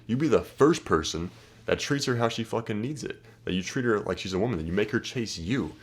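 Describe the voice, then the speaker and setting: Brash, profane man, dating coach. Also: on the low side. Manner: brash, profane, acts out pickup lines. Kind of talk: casual advice monologue.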